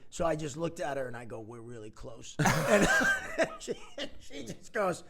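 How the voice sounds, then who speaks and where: A man's voice: a little high, sing-song, normal speed, vocal fry, a loud crowd. A man co-hosting a podcast, telling a story in casual chat and often breaking into laughter. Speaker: podcast co-host.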